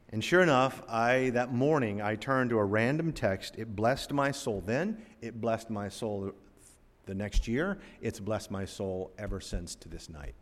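A man's voice: medium pitch, measured pace, a bit bright. A man from Florida preaching a sermon in a church, telling a personal story in a folksy, conversational way and speaking directly to the congregation. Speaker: pastor. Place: church sanctuary. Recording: long reverb of a church hall.

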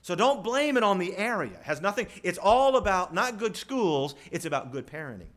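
A man preaching a sermon in an animated way, asking the crowd rhetorical questions and quoting scripture. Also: high-pitched, normal speed. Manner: animated, rhetorical questions, mimics family scenes. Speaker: pastor.

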